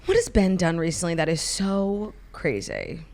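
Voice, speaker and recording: A woman co-hosting a podcast in casual chat, animated and giggly, talking in quick bursts. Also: fairly low pitch. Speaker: podcast co-host.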